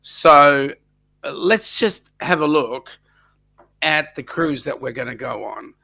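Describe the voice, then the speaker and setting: Croaky Australian man hosting a livestream. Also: fairly high pitch, lively intonation, slow pace, pushed and bright. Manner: jokey, reads out viewer chat comments. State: croaky from a lingering cough. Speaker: livestream host. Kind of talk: casual livestream chat.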